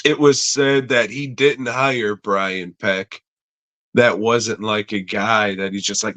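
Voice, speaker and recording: A man's voice: lowish voice, steady tone, slow pace, pushed and bright, no echo. A man co-hosting a comedy podcast, chatting casually in a rambling, profane way with lots of fillers. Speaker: podcast co-host.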